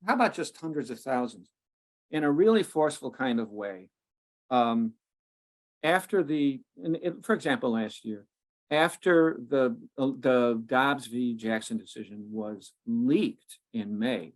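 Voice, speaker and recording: Guy guesting on a podcast, fired up, trips over his words, middle pitch. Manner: impassioned, restarts often, slows for emphasis. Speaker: author and guest. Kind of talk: podcast interview.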